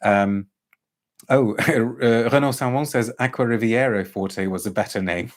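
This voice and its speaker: A man's voice: medium pitch, unhurried. A man hosting a live perfume-review stream in a casual, chatty way, reading viewers' comments aloud and often restarting his sentences.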